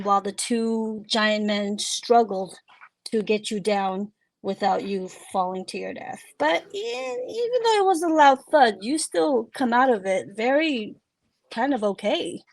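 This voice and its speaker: A woman narrating a tabletop game as game master, relaxed and hesitant, with many fillers. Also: a little high, a little slow, creaky.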